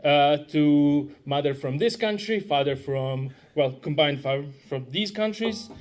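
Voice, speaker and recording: A man's voice: on the high side, expressive, unhurried. A man presenting a technical conference talk, conversational and self-deprecating, often asking the audience questions. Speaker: conference speaker, web developer.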